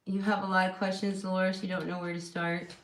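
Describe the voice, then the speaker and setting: A woman's voice: on the low side, a little fast. A woman hosting a casual live tarot reading at home, chatty and encouraging, with lots of "you know" fillers. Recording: echoey room with steady noise.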